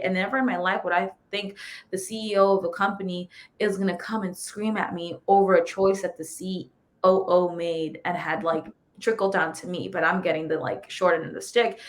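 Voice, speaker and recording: A woman's voice: medium pitch, a bit bright. Woman host giving advice. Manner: supportive, gives advice. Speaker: podcast host. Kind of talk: casual interview chat.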